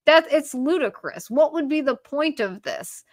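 A woman, a journalist guest on a podcast interview, talking in an animated, sarcastic way with many fillers. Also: high-pitched, a little slow, dry recording, studio quality.

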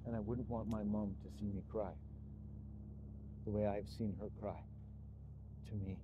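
A man's voice: lowish voice, muffled recording, background noise. A middle-aged man giving an earnest, rambling personal monologue to his channel, swearing when stirred. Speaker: YouTuber.

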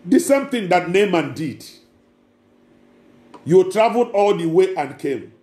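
A man's voice: sits high, expressive, unhurried, darkish tone. A man preaching a sermon as pastor, emphatic and repeating key words. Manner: emphatic preaching with acted quotes. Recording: echoey room with faint music.

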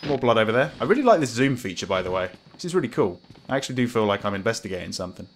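A man's voice: fairly low pitch, lively intonation, brisk. A man commentating a horror game as he plays, jumpy, swearing, laughing nervously. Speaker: gamer playing a horror game. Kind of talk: let's play commentary.

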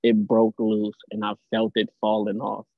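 A man giving an earnest, halting testimony on a live call, repeating words as he goes. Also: on the low side, completely flat delivery, no echo. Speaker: caller sharing a testimony. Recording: tinny phone-like line, dry.

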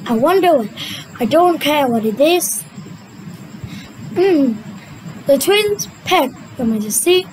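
A young woman with a very high, light voice tells a children's cartoon story at a slow, unhurried pace. She speaks with a Vietnamese native's English, drawing the words out in a sing-song way and switching between character voices. A faint hum of noise sits behind her. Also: lively intonation, darkish tone, poor audio. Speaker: storyteller voicing a cartoon retelling.

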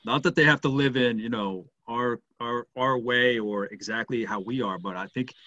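A man's voice: mid-range voice, normal speed, bright, forceful tone, no room sound, dull audio. A male host reflecting aloud in a casual interview, often searching for words.

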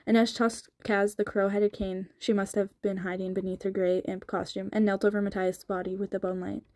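A woman narrates a novel in a sped-up audiobook, reading steadily with the odd small slip. Her tone is mellow and her delivery stays flat. The recording is dry and close. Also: mid-range voice, brisk, no room sound.

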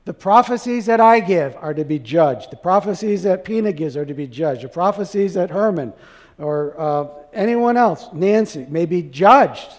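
High-voiced preaching man in a reverberant hall. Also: animated, normal speed. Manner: preaching with rhetorical questions to the congregation. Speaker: pastor. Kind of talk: sermon.

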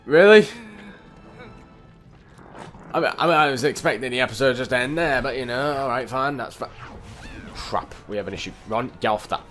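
A young man giving rambling, excitable commentary while playing a video game and talking to the characters on screen. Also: medium pitch, quick pace, soft background music. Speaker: gameplay commentator. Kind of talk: casual let's-play commentary.

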